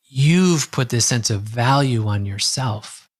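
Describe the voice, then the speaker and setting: A man who works as a coach, telling a client's story as a podcast guest and acting out the dialogue with a lively voice. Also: medium pitch, takes it slowly, no echo, clean studio sound. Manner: lively, acts out quoted dialogue. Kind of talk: conversational storytelling.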